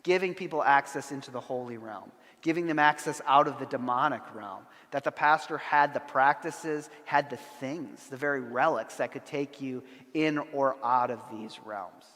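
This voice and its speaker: A middle-aged man giving a conference lecture, an animated storyteller with dry humor who acts out the people he quotes. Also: mid-range voice, normal speed, few pauses. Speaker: conference speaker. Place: large church sanctuary. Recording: long hall reverb.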